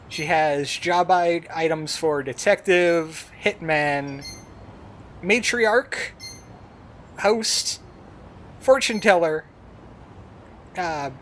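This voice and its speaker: A man's voice: on the high side, a bit bright, slight background noise. A man streamer giving casual, rambling commentary while playing a game, chatting to himself and his viewers. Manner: rambling, chatty, self-talking.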